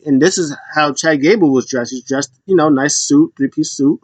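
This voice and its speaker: A man's voice: a little high, moderate pace, hardly any pauses, no echo. A man casually recapping wrestling events in a rambling way, acting out what people said in raised voices. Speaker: podcast host.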